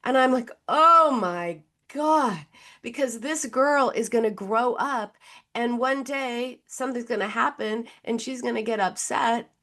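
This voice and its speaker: A woman's voice: fairly high pitch, steady tone, moderate pace. A middle-aged woman, a therapist who is the guest expert, tells stories in a conversational way and acts out the people in them, heard over a video call. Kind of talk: conversational storytelling.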